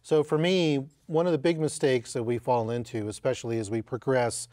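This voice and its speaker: A man's voice: medium pitch, fairly even intonation, moderate pace, mellow, dry recording, studio quality. A man who works as a real estate agent gives casual career advice to newcomers, telling anecdotes in a conversational way with frequent fillers.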